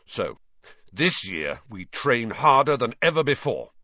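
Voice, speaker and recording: A man voicing an intense, bossy teenage team captain who talks briskly and flares up easily. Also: medium pitch, very animated, pushed and bright, no room sound, dull audio, pitched above the performer's own voice, full character voice. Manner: brisk, impatient, easily outraged.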